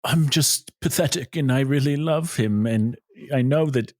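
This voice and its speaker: A man's voice: medium pitch, measured pace, a little mellow, no room sound, studio quality, lightly acted. A man voicing a lovesick, self-pitying young woman in a whiny, overacted way. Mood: pleading.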